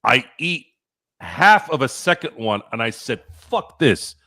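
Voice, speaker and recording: A man hosting a podcast, telling stories in casual chat, animated and profane, acting out his own past lines. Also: medium pitch, unhurried, no room sound, clean studio sound. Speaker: podcast host.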